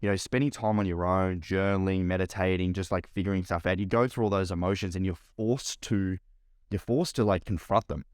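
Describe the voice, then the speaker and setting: A man's voice: low-pitched, fairly even intonation, a little fast, clear, resonant tone, no echo, clean studio sound. A young Australian man co-hosting a podcast, chatting casually and rambling with lots of "like" and swearing. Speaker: podcast co-host. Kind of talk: casual chat.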